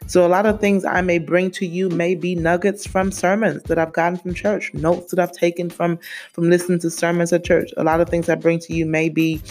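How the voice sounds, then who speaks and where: A woman's voice: lowish voice, flat delivery, a little fast, a little mellow, faint music behind. A woman from Saint Lucia with a Saint Lucian accent, hosting a casual faith podcast in an earnest way, often repeating her phrases and speaking straight to listeners. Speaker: podcast host and therapist.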